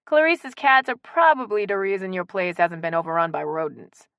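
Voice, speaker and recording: A woman voicing a brisk, friendly, practical neighbor woman. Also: mid-range voice, sing-song, clear, resonant tone, dry recording, dull audio.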